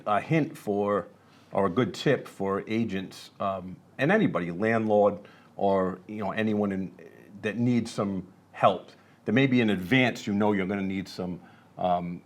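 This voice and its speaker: A man's voice: on the low side, a little slow. A man, co-hosting a casual podcast and telling stories from his real estate work in a conversational way. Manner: conversational, storytelling with asides.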